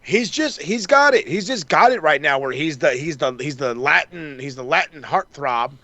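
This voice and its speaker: A man's voice: a little high, expressive, moderate pace, pushed and bright, no room sound. A man co-hosting a wrestling podcast, rambling through a casual recap, swearing freely and acting out the wrestlers' lines. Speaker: podcast co-host.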